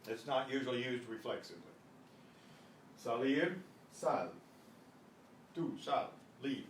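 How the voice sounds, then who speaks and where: An older man teaching a Spanish class, slow and patient, often clearing his throat, recorded from a distance. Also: mid-range voice. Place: classroom at a senior center. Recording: echoey room, mic at a distance, faint noise.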